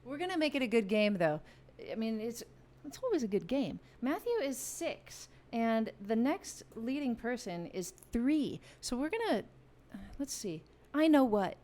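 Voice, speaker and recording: A woman's voice: a little high, sing-song, unhurried, few pauses, a little mellow. A woman hosting a live-stream game from a home music room, chatty and playful as she explains the rules to her viewers on a studio microphone. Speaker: music channel host running a live game. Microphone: studio vocal mic.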